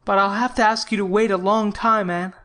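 A woman's voice: medium pitch, fairly even intonation, brisk, fairly bright tone, natural voice. A woman voicing an earnest young man in love, a student doctor, speaking tenderly in an audiobook. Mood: loving. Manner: tender, heartfelt confiding. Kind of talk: audiobook character reading.

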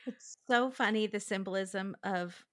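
A woman's voice: mid-range voice, unhurried, no room sound, studio quality. A woman guest co-host recapping a reality show in casual, chatty talk. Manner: chatty, laughing reactions.

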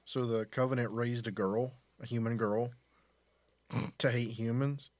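A man's voice: medium pitch, steady tone, unhurried, no echo, clean studio sound. A man in a casual chat, asking questions and making blunt remarks.

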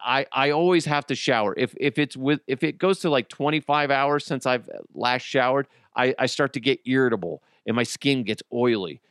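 A man's voice: mid-range voice, normal speed, few pauses, a bit bright, clear, resonant tone, dry recording, studio quality. A man hosting a casual comedy podcast, mocking news stories with crude jokes and frequent laughter. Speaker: podcast host.

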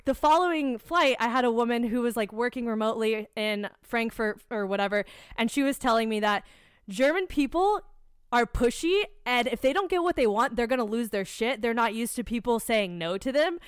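A woman's voice: fairly high pitch, normal speed, smooth, no room sound, clean studio sound. A young American woman, co-hosting a podcast, tells a heated, profane story in casual chat. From United States. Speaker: podcast co-host.

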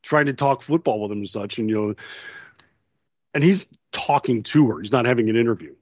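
A man co-hosting a casual talk show, telling lively anecdotes and acting out quotes. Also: medium pitch, brisk, dry recording, lo-fi sound. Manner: animated storyteller, acts out quotes. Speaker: podcast co-host. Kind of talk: casual chat.

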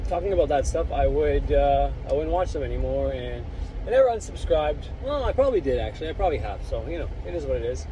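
A man vlogging about witchcraft in a loose, profane, rambling way with lots of fillers. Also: mid-range voice. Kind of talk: casual rant to camera. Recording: noisy outdoor ambience with traffic.

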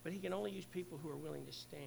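A middle-aged man preaches a sermon with a notably high voice. He speaks earnestly, building to loud peaks and then sinking into near hushes. A faint hum sits under the recording. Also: rapid-fire, creaky, rough recording. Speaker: pastor.

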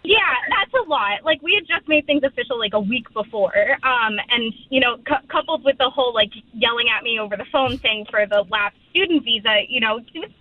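A woman's voice: a little high, expressive, brisk, hardly any pauses, no room sound. A woman calling in to a radio show, rambling through her story with lots of "like" and "um". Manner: rambling, full of "like" and "um". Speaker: caller. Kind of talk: telling a story on the phone. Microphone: phone. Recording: tinny phone line.

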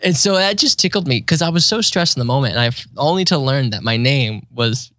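A man's voice: mid-range voice, a little fast, no room sound, clean studio sound. A man in casual chat, telling a funny story and acting out the voices of the people in it. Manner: animated, acts out voices of others in his stories.

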